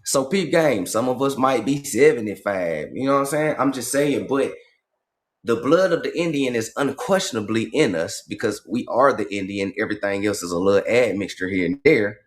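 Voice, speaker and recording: A man's voice: mid-range voice, expressive, moderate pace. A man hosting a casual livestream, reading passages aloud and commenting on them in streetwise slang, with profanity and points repeated for emphasis. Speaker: livestream host.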